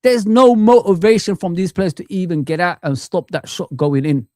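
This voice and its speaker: A man streaming a frustrated football rant, shouting out viewers and calling them guys and man. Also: high voice, moderate pace, no room sound, studio quality. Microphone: streaming mic.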